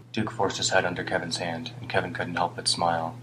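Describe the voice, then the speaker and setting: A man narrating an audiobook in a steady, measured way. His voice sits very low and deep. A faint hum runs quietly behind the reading. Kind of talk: scripted narration.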